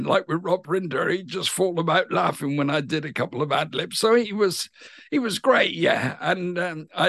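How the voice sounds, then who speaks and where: A man's voice: on the high side, vocal fry, slightly rough, dry recording, clean studio sound. A middle-aged man with a West Country English accent, a pantomime actor chatting enthusiastically in an interview. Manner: chatty and enthusiastic, animated storytelling. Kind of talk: casual interview chat.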